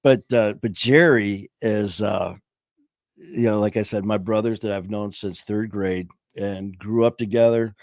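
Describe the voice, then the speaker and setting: A man's voice: lowish voice, steady tone, unhurried, darkish tone, dry recording, studio quality. Rambling man telling a funny story. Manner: rambling, frequent fillers, laughs at own stories; swears casually. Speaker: podcast host. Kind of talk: casual storytelling chat. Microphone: home streaming setup.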